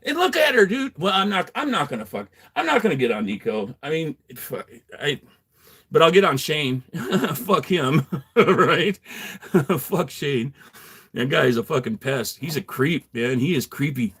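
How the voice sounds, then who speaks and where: A man's voice: mid-range voice, lively intonation, normal speed, fairly bright tone, breathy edge. Male streamer chatting from his garage; loose, swearing, laughs a lot, talks to chat. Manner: profane, rambling, laughs often, reads chat aloud. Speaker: livestreamer. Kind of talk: casual livestream chat. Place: home garage.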